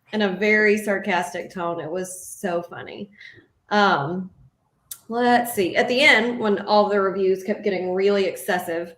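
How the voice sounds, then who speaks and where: A woman co-hosting a podcast, casually retelling funny moments from a radio broadcast of a game. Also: mid-range voice. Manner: storytelling, laughing retelling. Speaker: podcast co-host. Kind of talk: casual sports chat. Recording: roomy echo.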